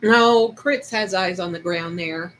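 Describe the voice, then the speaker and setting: A woman's voice: lowish voice, slow, fairly bright tone, slight background noise. An older woman and grandmother hosting a casual livestream chat, talking in a folksy drawl and laughing easily. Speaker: livestream host.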